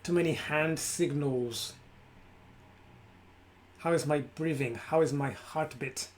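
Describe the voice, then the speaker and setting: A man's voice: fairly high pitch, slow. A man speaking live from his room, giving an emphatic motivational talk on mindfulness in repeated lists. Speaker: self-help speaker. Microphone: camera.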